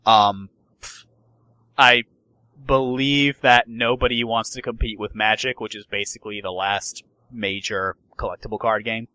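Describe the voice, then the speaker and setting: A man's voice: fairly low pitch, fairly even intonation, unhurried, pushed and bright, no room sound, poor audio. A man hosting a podcast, chatting casually about game news and often restarting his sentences. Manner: rambling, many restarts and fillers. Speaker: podcast host. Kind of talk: casual gaming news chat.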